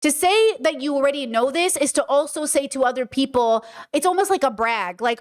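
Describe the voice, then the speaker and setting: High-voiced woman earnestly lecturing her chat. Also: animated, brisk, hardly any pauses. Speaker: live stream host. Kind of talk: livestream commentary to chat.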